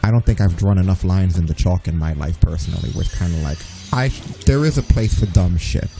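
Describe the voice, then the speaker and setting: A man's voice: sits low, a little fast, vocal fry, warm tone, soft background music, poor audio. A man with a New York accent, a streamer talking bluntly and profanely in a casual gaming chat, often mocking people in put-on voices. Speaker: streamer and co-host.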